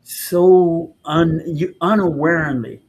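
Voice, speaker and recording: A man's voice: a little high, fairly even intonation, takes it slowly, darkish tone. A man co-hosting a show, giving an earnest, preachy motivational talk with many restarts. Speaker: podcast co-host.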